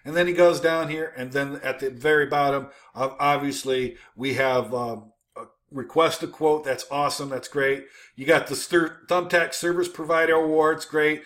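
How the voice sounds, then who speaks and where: A man with a slightly higher voice walks through web pages in loose, offhand commentary. He hesitates and restarts often, then lands his points with a punchy "boom.". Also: steady tone, normal speed, a bit bright. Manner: informal, many fillers and restarts, emphatic "boom". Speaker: host critiquing websites. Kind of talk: casual screen-share commentary.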